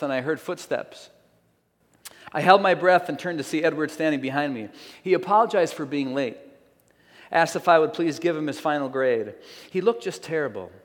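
Man preaching in a reverberant hall. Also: a little high. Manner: earnest, slow, emphatic storytelling. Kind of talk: sermon, reading a story aloud.

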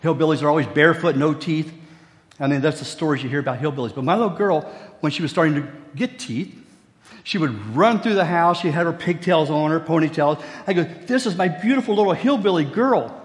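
A man's voice: on the high side, fairly quick, big-room sound. A middle-aged man from Virginia, preaching a sermon in a folksy storytelling way with jokey asides. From West Virginia, USA. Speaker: pastor.

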